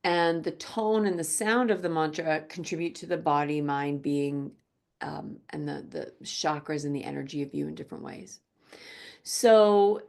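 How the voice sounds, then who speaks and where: A woman teaching a gentle yoga class, speaking softly and slowly. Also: on the low side. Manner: slow, soft-spoken, drifts into quiet chanting.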